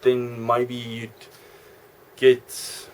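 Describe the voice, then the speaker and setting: A man's voice: medium pitch, monotone, drawn-out words. A man vlogging in a rambling, jokey, self-correcting way. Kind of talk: rambling casual monologue.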